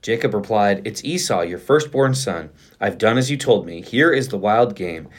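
Low-voiced man reading scripture earnestly. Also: lively intonation, moderate pace. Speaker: Bible reading podcast co-host. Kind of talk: reading scripture aloud, trading turns with a co-host.

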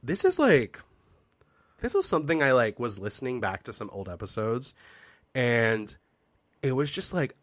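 A man's voice: mid-range voice, very animated, normal speed, long pauses, no room sound. A man from the San Francisco Bay Area co-hosting a podcast, chatting casually with a sassy, self-critical manner. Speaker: podcast co-host. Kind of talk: casual chat.

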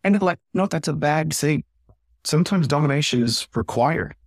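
A man's voice: a little high, animated, normal speed, no room sound. Male trainer guest, earnest and explanatory, dry close recording. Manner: earnest, explanatory, lots of "right?" asides. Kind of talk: podcast interview.

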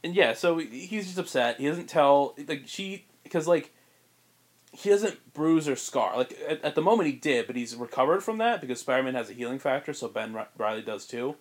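A man co-hosting a podcast, pitching a story in rambling casual chat with many fillers and frequent laughs. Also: lively intonation, normal speed. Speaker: podcast co-host.

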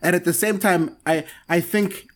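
A man hosting a podcast, chatting in a relaxed, conversational way. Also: high voice, moderate pace. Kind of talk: casual chat.

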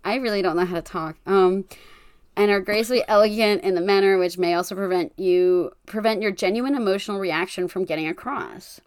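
A woman's voice: medium pitch, brisk, smooth, no room sound. A woman in her twenties with a New Jersey accent, co-hosting a podcast and reading astrology charts aloud, laughing often and stumbling over words. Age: 20s. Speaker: podcast co-host.

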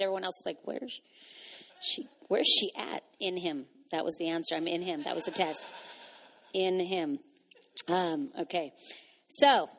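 A middle-aged woman pastor giving a sermon in a conversational way, with laughing asides, dropping to a hush and rising to loud bursts. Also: medium pitch.

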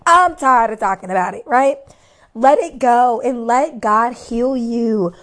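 A woman with a hoarse, worn voice, giving casual faith-based encouragement to viewers and repeating her key lines for emphasis. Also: on the high side, measured pace, a bit bright, a little hiss or hum. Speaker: faith-based motivational speaker.

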